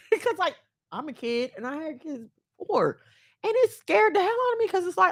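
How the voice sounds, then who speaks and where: Earnest woman host, rather high voice. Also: very animated, moderate pace, a bit bright. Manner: candid, emotional, earnest. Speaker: podcast host. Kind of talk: personal talk to listeners.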